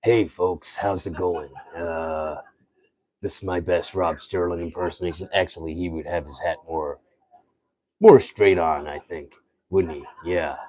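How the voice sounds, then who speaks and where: A man puts on a laid-back male online host's voice, dropping well below his usual pitch into a quiet, easy drawl. The sound is close and dry. His lines drift and trail off. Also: fairly even intonation, a little slow, no echo. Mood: mock-casual.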